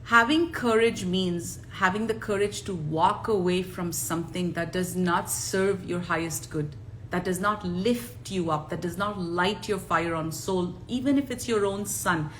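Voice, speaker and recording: A woman's voice: mid-range voice, unhurried, a little hiss or hum. A woman giving a live spiritual talk as co-host, emphatic and preachy, repeating phrases for stress.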